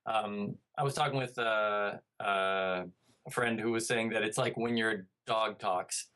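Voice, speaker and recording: A man's voice: on the low side, fairly even intonation, a little slow, sharp tone, clear, resonant tone. A man in his thirties, a comedian guest, telling stories in a casual interview, rambling and restarting with playful asides.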